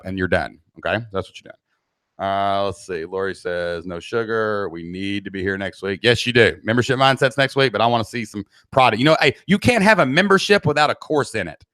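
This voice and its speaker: A man's voice: mid-range voice, no echo, clean studio sound. A middle-aged man with a Southern American accent, coaching an online business class on a live stream, blunt and pushy, reading out chat questions and urging his viewers to get moving. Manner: blunt, pushy, energetic pep talk. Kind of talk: live-streamed training session. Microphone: cheap desk mic at laptop.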